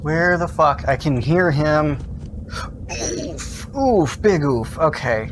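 A man's voice: a little high, expressive, slow, background noise. A young adult man streaming a horror game, chatting casually to viewers and breaking into jumpy, swearing outbursts. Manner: jumpy, swearing outbursts and rambling asides to chat. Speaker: gaming streamer. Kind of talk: casual livestream commentary.

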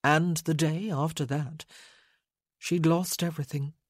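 A woman narrating an audiobook in a measured, unhurried reading. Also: sits low, steady tone, dry recording, studio quality.

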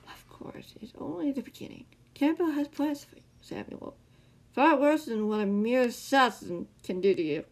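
A woman's voice: high-pitched, moderate pace, voice pushed up. A woman voicing a mysterious male caller who mocks and taunts a boy in a mocking tone. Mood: menacing.

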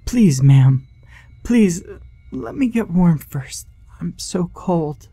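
A man voicing a frightened, bloodied little girl who speaks in a soft, strangled, pleading way in a horror story reading. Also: sits high, lively intonation, slow, creaky, slightly rough, soft background music, voice pushed up, heavily acted. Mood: begging.

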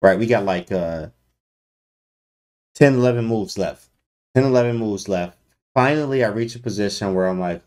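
A man streaming chess analysis to his chat in a casual, slangy way with sudden loud exclamations. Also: on the low side, normal speed, long pauses. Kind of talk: casual livestream commentary.

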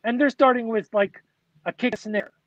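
A man's voice: very high voice, fairly even intonation, moderate pace, dry recording. A man in his sixties, a record producer guest on a podcast, telling a casual, rambling story full of "like" and "you know". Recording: dull, lo-fi, dry.

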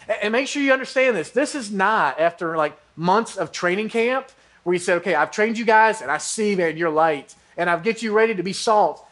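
A man's voice: sits high, lively intonation, brisk, a bit bright. A man giving a church sermon, preaching animatedly and acting out how listeners might react. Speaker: pastor.

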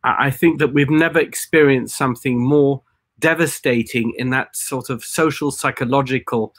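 Rabbi guest, man, earnest and measured, dry close sound. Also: medium pitch, a bit bright, dry recording. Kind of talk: conversational commentary.

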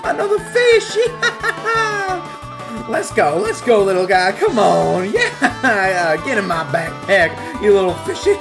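A man's voice: medium pitch, sing-song, takes it slowly, music in the background, pitched below the performer's own voice. A man voicing a wild, moody fisherman in a farming game, swinging between gloomy mumbling and whooping drawled glee. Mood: manic glee. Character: manic, moody male fisherman farmer. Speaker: gameplay voice actor. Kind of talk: comedic character play over a game.

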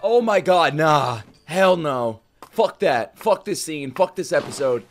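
A man's voice: a little high, animated, measured pace, soft background music. Swearing, emotional man reacting to anime. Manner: emotional, swearing, repeats himself, bursts into exclamations. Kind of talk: live reaction commentary.

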